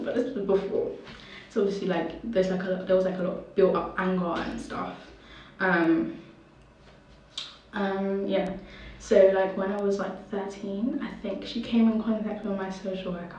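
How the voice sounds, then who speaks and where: A young woman, telling a personal story haltingly and with emotion, her speech full of "like". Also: medium pitch, level tone, a little mellow, far from the mic, slight background noise. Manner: halting, heavy use of "like", emotional. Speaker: vlogger. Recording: very echoey room, voice off the mic.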